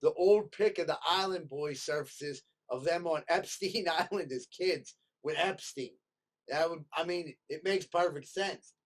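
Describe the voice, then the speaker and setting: A man's voice: on the high side, measured pace. A man, co-hosting a podcast and telling crude stories in casual chat. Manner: crude, joking, animated storyteller. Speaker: podcast co-host.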